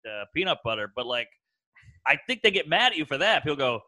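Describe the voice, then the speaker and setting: A man in his thirties from the American South, a comedian chatting on a podcast, telling animated stories and acting out other people's voices. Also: medium pitch, fast talker, rough recording. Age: 30s. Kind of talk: casual podcast chat.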